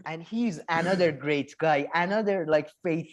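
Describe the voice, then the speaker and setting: A man co-hosting a podcast in casual chat, telling stories in a rambling, animated way and often laughing. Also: on the high side, normal speed. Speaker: podcast co-host.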